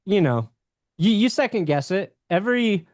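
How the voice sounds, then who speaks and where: A man's voice: high-pitched, sing-song, normal speed, darkish tone, no echo. Candid young man, dry close sound. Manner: rambling, candid, swears casually. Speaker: podcast guest, sports YouTuber. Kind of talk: casual podcast chat.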